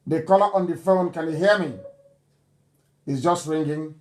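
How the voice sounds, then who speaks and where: Insistent high-voiced Nigerian man broadcasting. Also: normal speed, a little mellow. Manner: emphatic, repeats phrases insistently. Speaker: broadcast host. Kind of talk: live radio broadcast address.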